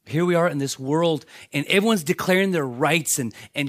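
Animated male preacher, slightly high voice. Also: a little fast, few pauses, dry recording, clean studio sound. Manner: animated storytelling, acts out voices of biblical characters. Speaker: pastor. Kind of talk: sermon.

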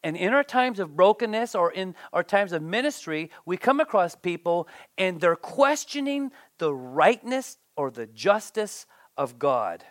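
Animated preacher, dry close sound. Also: medium pitch, unhurried, few pauses, dry recording. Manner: animated, repeats words, acts out quoted voices. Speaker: pastor. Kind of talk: sermon.

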